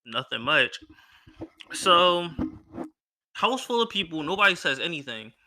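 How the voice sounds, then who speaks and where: A young man hosting a podcast, telling a casual story in a lively, slangy way and acting out other people's lines in a raised voice. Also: a little high, unhurried, a little hiss or hum. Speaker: podcast host.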